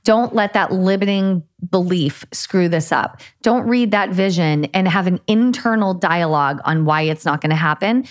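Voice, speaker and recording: A woman's voice: lowish voice, moderate pace, few pauses. A woman co-hosting a podcast, talking in an earnest, coaching way and laughing easily. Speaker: podcast co-host. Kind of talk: casual podcast chat.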